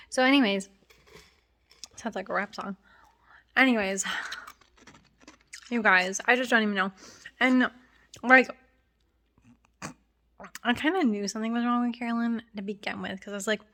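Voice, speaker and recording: A woman's voice: fairly high pitch, steady tone, normal speed, pauses often, sharp tone. A young woman talking casually to camera in a rambling way, full of fillers and restarts, with a slightly stuffy, runny nose. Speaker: vlogger.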